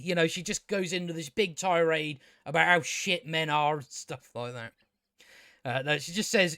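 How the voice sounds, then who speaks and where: A man's voice: on the high side, normal speed, pushed and bright, dry recording, clean studio sound. A man giving a casual spoken TV review, ranting sarcastically with lots of swearing and filler words. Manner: sarcastic, sweary, rambling rant with many fillers. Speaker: TV show reviewer.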